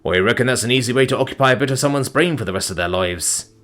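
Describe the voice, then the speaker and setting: A man's voice: mid-range voice, expressive, fast, fairly bright tone, voice pushed up, natural voice. A man voicing an easygoing, kind old farmer who talks in homely rural phrases in a storybook reading.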